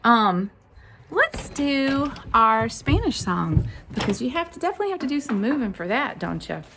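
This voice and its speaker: A woman leading a children's activity lesson, animated and talking straight to the kids. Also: a little high, normal speed, noisy background. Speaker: children's teacher.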